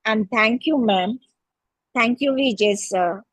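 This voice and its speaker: A woman's voice: a little high, takes it slowly, slightly rough, dry recording, poor audio. A middle-aged woman with an Indian English accent giving a fervent, grateful spoken testimonial about a healing practice.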